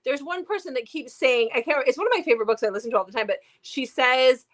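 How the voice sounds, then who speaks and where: A woman's voice: high voice, fast talker. A woman co-hosting a book review show, chatting casually and animatedly with lots of fillers. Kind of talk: casual chat.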